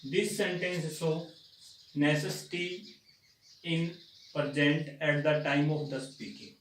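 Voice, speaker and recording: A male teacher with an Indian English accent, giving a grammar lecture slowly and deliberately and repeating words for emphasis. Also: fairly high pitch, steady tone, far from the mic, slight background noise. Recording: echoey room, voice set back from the mic.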